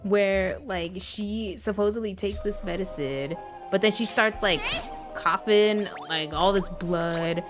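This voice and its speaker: A young adult woman chatting casually on a gaming livestream, rambling and animated, with frequent laughs and filler words. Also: medium pitch, slow, music in the background. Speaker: gaming streamer.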